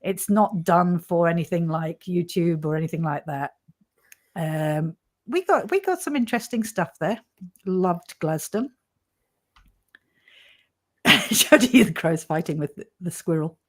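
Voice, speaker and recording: A woman's voice: fairly low pitch, animated, unhurried, pauses often. A woman hosting a paranormal channel's livestream, chatting casually, often laughing and telling stories with animation.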